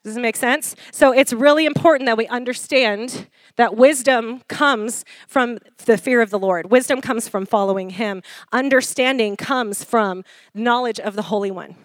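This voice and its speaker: A woman preacher delivering a lively sermon, laughing often and calling for responses from the congregation. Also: on the high side, moderate pace, no echo.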